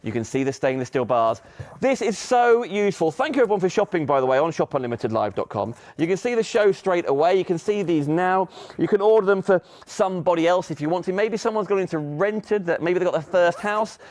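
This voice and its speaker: A middle-aged man hosts a live shopping demonstration. He keeps up a chatty, upbeat sales patter and talks straight to the viewers in a slightly higher voice than most men. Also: expressive, fairly quick, darkish tone. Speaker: shopping channel presenter.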